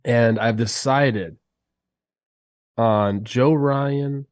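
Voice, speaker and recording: A man's voice: mid-range voice, extremely slow, a little mellow, dry recording. A man co-hosting a podcast with a congested voice, talking in a laid-back, rambling way. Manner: laid-back, rambling, laughs mid-sentence. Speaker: podcast co-host and former player. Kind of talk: casual chat.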